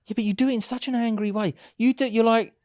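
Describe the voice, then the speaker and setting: A man's voice: very high-pitched, fairly even intonation, fast talker, darkish tone, no echo, studio quality. A British man co-hosting a podcast, wry and playfully mock-wounded in casual chat. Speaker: podcast co-host.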